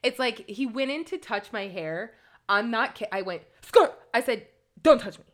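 A woman co-hosting a podcast, chatting casually and telling stories in an animated way with lots of fillers. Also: fairly high pitch. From Italian-American. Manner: animated, quick storytelling with many fillers. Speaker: podcast co-host. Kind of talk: casual chat.

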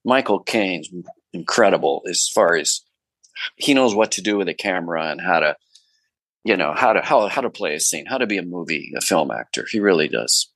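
A low-voiced man being interviewed as an actor guest, telling lively anecdotes with lots of fillers and restarts. His voice is recorded close and dry. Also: normal speed, no room sound, low-quality recording. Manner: animated storyteller with many fillers and restarts.

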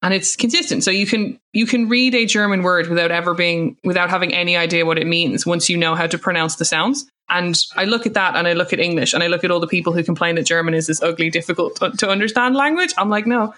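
Young woman, podcast co-host, bright tone, chatty rants. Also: lowish voice, fast, hardly any pauses. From Ireland. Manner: chatty, ranting, animated with put-on quotes. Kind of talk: casual chat. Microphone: home recording.

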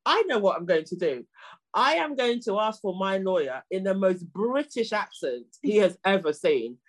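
A middle-aged woman, a guest on a podcast, telling stories in a relaxed, humorous and animated way, often repeating words as she starts a sentence. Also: medium pitch, normal speed. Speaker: guest, clean air campaigner. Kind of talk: casual storytelling in conversation.

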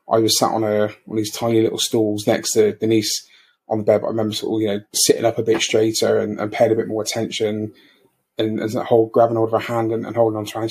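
Halting, husky man. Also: fairly low pitch. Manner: halting, many restarts, soft-spoken. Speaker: bereaved father, guest. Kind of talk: personal storytelling, emotional recollection.

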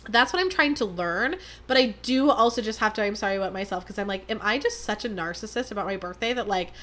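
A woman's voice: a little high, fairly bright tone. A young woman hosting her own podcast, chatting casually and mocking herself, with lots of fillers. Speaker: podcast host. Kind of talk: casual solo podcast chat.

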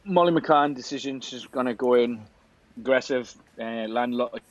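A man's voice: medium pitch, moderate pace, highs cut off. Male guest fighter, easygoing, stumbles over words a bit, on a call. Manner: relaxed, hesitant, with restarts and laughs. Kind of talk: casual chat. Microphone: remote call.

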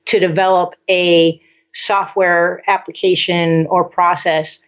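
A woman's voice: fairly low pitch, little pitch movement, takes it slowly, lo-fi sound. A woman guest chatting in a bubbly way on a podcast and laughing at herself. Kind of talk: casual interview chat.

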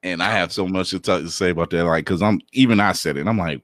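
Male co-host, low pitch, wildly swinging intonation, laughs often. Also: brisk, no echo, studio quality. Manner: animated, laughs often, stumbles into restarts. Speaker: podcast co-host. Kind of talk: casual podcast banter. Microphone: remote call setup.

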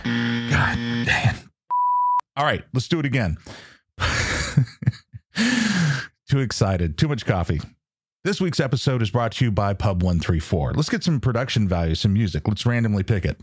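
A man's voice: on the low side, lively intonation, moderate pace, pauses often, breathy edge, no room sound. A man hosting a pop culture podcast, talking casually and joking at his own slip-ups. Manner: self-mocking, joking. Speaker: podcast host. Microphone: studio mic.

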